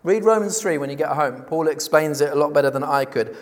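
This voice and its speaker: A man preaching a sermon, emphatic, posing rhetorical questions and slowing down on key words. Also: fairly high pitch. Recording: long reverb of a large hall.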